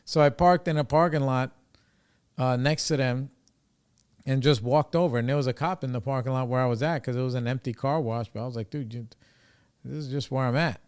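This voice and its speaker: A man's voice: mid-range voice, a little fast, clear, resonant tone. A man from New York with a New York accent, hosting a recovery podcast in a casual, rambling monologue, loose and profane, full of "you know" and "like.".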